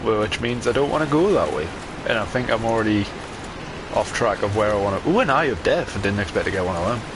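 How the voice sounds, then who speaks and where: A man talks his way through a video game in casual, rambling commentary, dropping ums and mild swearing as he goes. His voice sits fairly low. A steady noise runs under the recording. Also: fast. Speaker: gamer.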